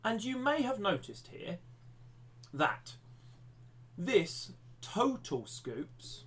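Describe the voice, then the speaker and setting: Male maths teacher on a live stream, voice a touch high, friendly and rambling, self-mocking asides. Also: sing-song, drawn-out words, fairly bright tone. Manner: chatty, self-deprecating, thinks aloud with restarts.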